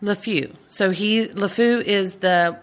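A woman's voice: medium pitch, slow. A middle-aged woman hosting a casual chat podcast, gushing and chatty, often laughing. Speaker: podcast host.

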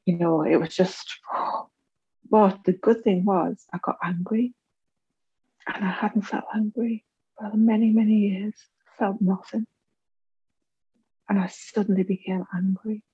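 Husky woman telling her story. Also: slow, long pauses, dry recording, highs cut off. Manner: animated, acts out quoted voices with big pitch jumps. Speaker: interview guest. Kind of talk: candid personal storytelling.

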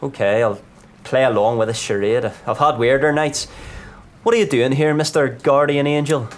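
A man's voice: medium pitch, fairly even intonation, normal speed, close to an everyday voice. A man playing a hard-drinking 24-year-old footballer star tormented by fame, in a live stage play performed in a pub. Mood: wary. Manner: bitter, self-mocking, brooding.

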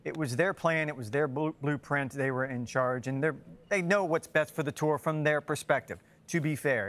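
A man's voice: mid-range voice, fairly bright tone. A man analysing golf on a sports discussion show, frank and emphatic in his opinions.

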